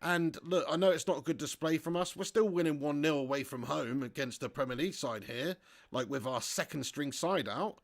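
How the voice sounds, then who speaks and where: A man hosting a live football watch-along, reading viewer chat aloud, swearing freely and bursting into shouts at big moments. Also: a little high, brisk. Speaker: fan channel host. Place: home setup in front of a green screen.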